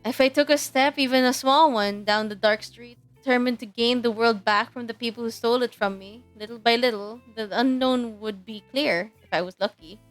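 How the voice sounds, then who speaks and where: A young woman streaming, reading a dating game aloud in a giggly, animated way. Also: a little high, moderate pace, few pauses, soft background music.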